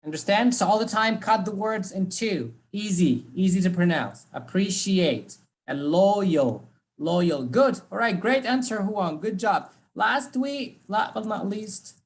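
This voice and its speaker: A man teaching English, giving encouraging feedback and drilling pronunciation slowly. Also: sits high, animated. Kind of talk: online class feedback.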